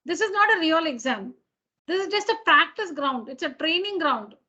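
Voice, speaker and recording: High-voiced patient woman teacher on a call. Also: lively intonation, moderate pace, bright, forceful tone, lo-fi sound. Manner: patient, repeats and rephrases points. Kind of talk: online class talk. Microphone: computer mic on a video call.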